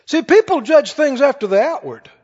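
A man preaching a sermon in an animated, conversational way to a church congregation. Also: extremely high pitch, normal speed. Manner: animated, conversational, acts out quoted voices. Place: church hall. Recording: dull recording with long hall reverb.

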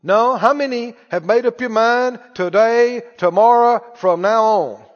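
A man's voice: very high-pitched, a little slow. A male preacher delivering a sermon, exhorting and quizzing his congregation. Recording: dull lo-fi, echoey hall.

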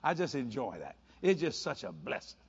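An older man preaching a sermon, animated and playful, telling stories with quick voices and laughter. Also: medium pitch, slightly rough. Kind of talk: sermon mixed with storytelling. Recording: dull lo-fi sound.

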